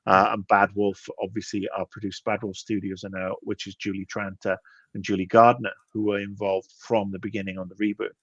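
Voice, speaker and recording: A man with a fairly low voice chats on a podcast, wandering through his thoughts and halting to start sentences over. His audio is dry and close, with no room sound. It comes through dull and lo-fi. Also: flat delivery, a bit bright, breathy edge, no echo. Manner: rambling, halting with restarts. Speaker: podcast co-host. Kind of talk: casual chat.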